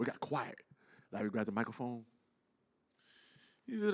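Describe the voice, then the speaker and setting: A man telling a story in casual talk, animated and profane, acting out the people he quotes. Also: mid-range voice, normal speed, pauses often. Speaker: guest.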